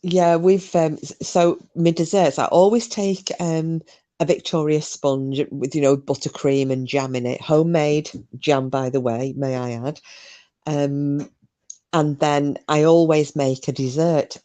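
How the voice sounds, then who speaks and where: A woman's voice: sits low, fairly even intonation, unhurried, dark tone. A woman hosting a live stream, chatting casually, gossipy and sweary, reading out comments.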